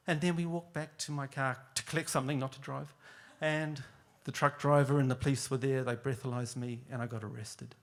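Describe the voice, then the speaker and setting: A man's voice: mid-range voice, fairly even intonation, moderate pace, lightly acted. A man voicing his brother on the witness stand as a meek, overly polite young man who keeps saying "sir". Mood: sheepish. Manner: sheepish, deferential, says "sir".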